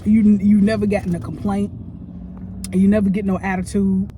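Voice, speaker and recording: A woman who works as a cook, venting about her job in a profane, animated rant while she eats on camera, talking close into a phone. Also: a little fast, slight background noise. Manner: profane, animated, with big swings in pitch. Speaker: line cook. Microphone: phone held close.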